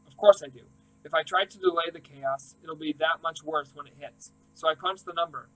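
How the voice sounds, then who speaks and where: A man's voice: a little high, fairly quick, fairly bright tone, poor audio. A man reading a first-person audiobook, telling the story in an emotional, intimate way. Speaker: audiobook reader.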